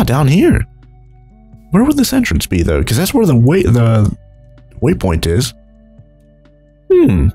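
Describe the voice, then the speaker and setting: A young gaming YouTuber rambles and chuckles while narrating a Minecraft let's play, his delivery leaping between low mumbles and high exclaims. His voice is gravelly, mellow, and slightly rough.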